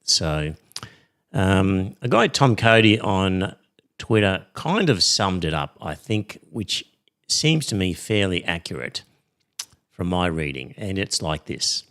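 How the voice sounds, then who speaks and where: A middle-aged Australian man hosting a podcast in casual chat, rambling and reading listener messages with many pauses and ums. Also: deep voice, lively intonation, fairly bright tone. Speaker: podcast host.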